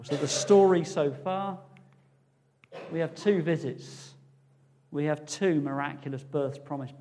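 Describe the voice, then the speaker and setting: A man preaching a sermon, repeating phrases for emphasis and building to loud declarations. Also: fairly high pitch.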